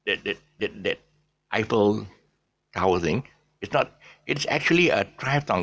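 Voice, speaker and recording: Deep-voiced man teaching pronunciation, lively. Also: normal speed. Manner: repeats words many times, stammers and restarts; demonstrates sounds in exaggerated pitch jumps. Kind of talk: classroom pronunciation lesson.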